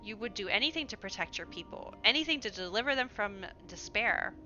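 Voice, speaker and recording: A woman's voice: mid-range voice, lively intonation, fairly quick, bright, forceful tone, highs cut off, faint music behind. A woman reading an earnest young diplomat.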